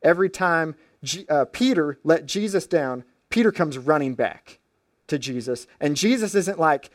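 A man's voice: a little high, animated, normal speed, dry recording, clean studio sound. A man preaching a sermon as pastor, retelling stories in casual everyday phrasing with frequent restarts.

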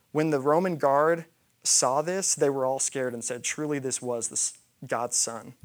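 A man preaching a sermon, retelling a scripture story and acting out the quoted lines. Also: mid-range voice. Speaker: pastor.

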